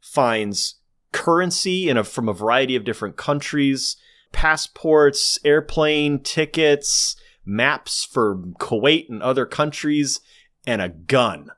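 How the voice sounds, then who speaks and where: A man with a mid-range, fairly bright voice speaks slowly in a casual chat, enthusiastically recapping a film's scenes. He breaks into narrated quotes, acting out the characters' lines.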